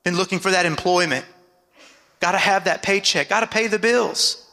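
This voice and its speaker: A high-pitched, gravelly man delivers a sermon as pastor, calling for amens and sinking his voice for emphasis. His tone is bright and forceful. The sound carries a long hall reverb. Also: moderate pace. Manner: preaching with call-and-response asides and dramatic drops in pitch.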